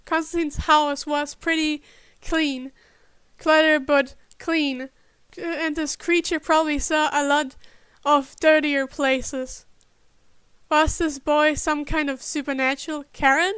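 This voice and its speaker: A woman reads fan fiction aloud in a high, light voice, taking her time over each line. Her narration is wry and casual, with small asides slipped in. The sound is dry and close, with no room around it. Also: steady tone, a little slow, fairly bright tone, no echo. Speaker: podfic reader.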